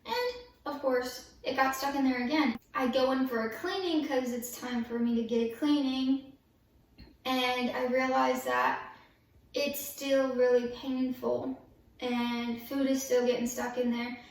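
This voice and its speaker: A woman's voice: high-pitched, unhurried, far from the mic. A woman vlogger telling her story casually and candidly while in pain after dental surgery. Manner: candid, chatty, expressive. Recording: echoey room, voice off-mic. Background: faint yard work noise outside.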